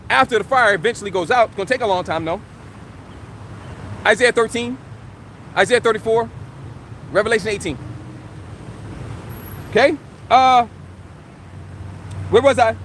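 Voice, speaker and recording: A man's voice: very high-pitched, moderate pace, long pauses, a bit bright, rough recording. A man, teaching scripture live. He talks emphatically, in slangy, repetitive phrases, and walks through each verse line by line. Faint street traffic hums behind him outdoors. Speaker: religious teacher.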